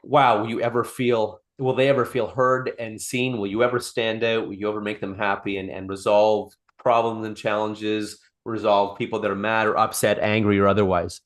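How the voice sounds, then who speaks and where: A man's voice: fairly low pitch, flat delivery, normal speed, few pauses. A man coaching a small group on sales over a call, talking off the cuff, repeating and restarting phrases and acting out sample dialogue. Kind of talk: live online coaching session.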